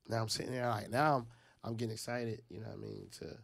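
Gravelly-voiced man telling a story. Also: medium pitch, fast talker. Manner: animated, acts out other people's lines. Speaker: guest telling a personal story. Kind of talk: casual storytelling.

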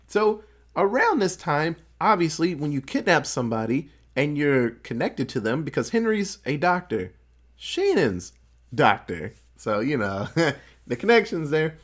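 A man telling a film's story in a loose, chatty way, with his voice swinging up and down a lot. He swears freely and laughs along as he goes. His voice sits a little higher than most men's. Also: normal speed. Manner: animated, profane, laughing storyteller. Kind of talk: casual movie recap.

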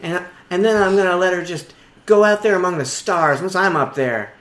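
A man playing an eager teenage boy in an improvised comedy scene, excitable and given to whoops, sometimes shaky with nerves. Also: high-pitched, normal speed. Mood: earnest. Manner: excitable, shouts and whoops, then turns shaky and scared. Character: eager teenage boy, fourteen, dreaming of space. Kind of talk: improv comedy role-play. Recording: echoey room.

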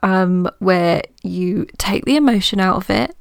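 Unhurried woman with a gravelly edge. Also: medium pitch, no room sound, clean studio sound. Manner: gentle, reassuring, thinking aloud. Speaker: coach and podcast host. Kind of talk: reflective solo podcast talk.

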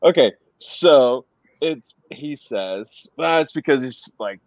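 A middle-aged man casually telling anecdotes as a guest, animated and laughing as he goes. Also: mid-range voice, takes it slowly, dry recording. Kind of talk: casual storytelling. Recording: dry, slightly dull sound.

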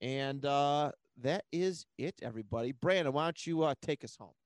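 A man co-hosting a casual sports podcast, animated and quick to laugh. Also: on the high side, no room sound. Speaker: podcast co-host.

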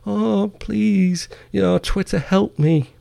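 Guy putting on a high whiny crybaby man voice, pleading, dry sound. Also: takes it slowly, creaky, mellow, no room sound, exaggerated voice. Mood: whining. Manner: mocking, pleading whine. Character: whiny self-pitying grown man, crybaby.

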